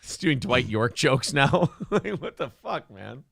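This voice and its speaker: Male podcast host, lively pitch, dry close sound, jokey mock comedian bits. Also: measured pace, creaky, no room sound. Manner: mock stand-up impressions, laughing often. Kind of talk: casual comedic chat.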